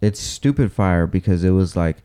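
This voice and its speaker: A man's voice: low voice, animated, moderate pace, dark tone, clear, resonant tone. A man in his thirties co-hosting a podcast, chatting casually with loose slang and swearing. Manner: laid-back slang, swears freely. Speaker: podcast co-host. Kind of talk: casual chat.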